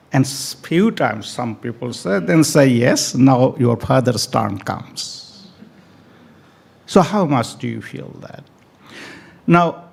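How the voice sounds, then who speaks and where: A man's voice: fairly high pitch, gravelly. A man giving an emphatic speech to an audience at a community event, repeating key phrases and stretching words for stress. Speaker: speaker at a family day event. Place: event hall.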